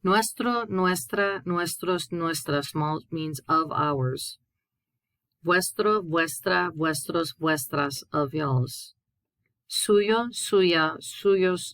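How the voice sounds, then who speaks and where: A woman's voice: lowish voice, a bit bright, dry recording. A woman teaching a recorded Spanish grammar lesson, reading example sentences aloud and translating them step by step.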